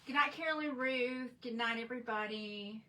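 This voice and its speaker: Chatty woman with a bright voice. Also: on the high side, moderate pace, distant mic, rough recording. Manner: chatty, rambling, with frequent restarts and fillers. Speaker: host of a crafting livestream. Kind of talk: casual livestream chat, reading viewer comments aloud.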